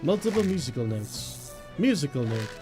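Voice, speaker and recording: A man's voice: medium pitch, big pitch swings, normal speed, music in the background. A young man live-streaming a game, chatting casually with a goofy, jokey manner and humming nonsense tunes. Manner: goofy, laughing, hums and scats nonsense tunes.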